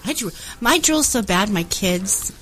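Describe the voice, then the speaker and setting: A woman's voice: mid-range voice, expressive, measured pace, fairly bright tone, soft background music, low-quality recording. A woman chatting as a guest on a radio show, laughing along with the hosts. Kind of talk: casual radio chat.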